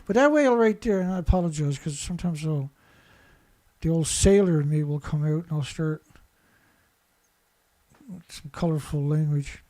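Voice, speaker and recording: Here an environmental commentator from Canada speaks in a fairly high, mellow voice at normal speed, pausing often. He reads news reports and ridicules them in a profane, sarcastic rant.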